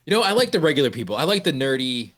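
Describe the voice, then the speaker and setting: A man's voice: medium pitch, very animated, very fast, a bit bright. A man guest on a podcast in casual chat, with a dry, teasing manner.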